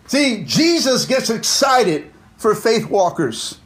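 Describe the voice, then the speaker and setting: A pastor delivers a fervent sermon, constantly tossing in "amen" and "come on" and shifting between loud exclamations and low, quiet asides. His intonation is lively, his pace a little slow, and he hardly pauses.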